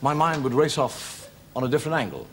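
A middle-aged Irish man doing stand-up, telling jokes in a wry storytelling manner and slipping into quick character voices. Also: mid-range voice, big pitch swings, very noisy. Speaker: comedian.

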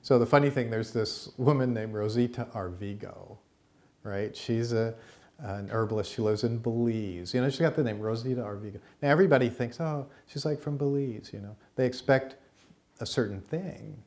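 A man teaching a course, telling a story in a conversational, unhurried way and checking in with his listeners, in a college teaching room. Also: fairly low pitch, a little mellow. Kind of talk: storytelling lecture.

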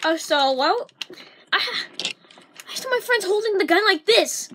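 Super high pitched woman ranting on her vlog, bright and sharp, calls folks idiots. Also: lively intonation, a little slow. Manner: frustrated, insulting, swears mildly. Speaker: gaming vlogger. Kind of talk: angry rant to camera.

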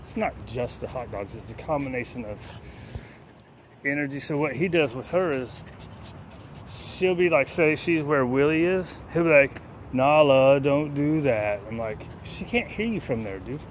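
A man's voice: medium pitch, expressive, normal speed, slight background noise. A man vlogging casually while he trains his dogs, telling stories between short, firm commands. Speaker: dog trainer. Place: outdoors with dogs.

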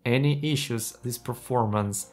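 A man's voice: medium pitch, measured pace. A man talking to camera in a casual tech vlog, earnest and enthusiastic, with slightly non-native phrasing. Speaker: tech YouTuber.

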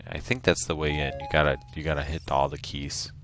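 A man hosting a video game playthrough at home, chatting casually with sudden excited yelps. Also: extremely low pitch, fairly quick, soft background music. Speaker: host.

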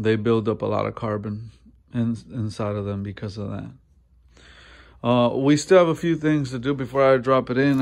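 A man's voice: mid-range voice, a little mellow. A man walking through an engine swap in a garage, talking casually with many ums and uhs. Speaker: mechanic showing an engine swap. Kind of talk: casual walkthrough narration. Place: garage workshop.

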